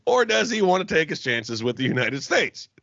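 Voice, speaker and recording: A man co-hosting a podcast in casual chat, loud and laughing, swearing a lot. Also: on the high side, big pitch swings, moderate pace, creaky, dry recording. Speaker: podcast co-host. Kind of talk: casual profane banter. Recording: dull lo-fi dry recording.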